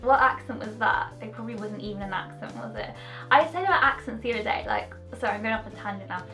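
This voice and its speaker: A woman's voice: mid-range voice, big pitch swings, fast, sharp tone, faint music behind. A young woman chatting bubbly and casually as a beauty vlogger, drifting off on tangents. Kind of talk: casual product review chat.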